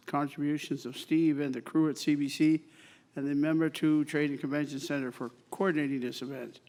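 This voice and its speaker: A man from Cape Breton running for mayor delivers a pointed, sardonic statement, leaning hard on key words. His voice sits on the higher side. Long hall reverb follows each phrase. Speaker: mayoral candidate. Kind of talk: prepared debate statement.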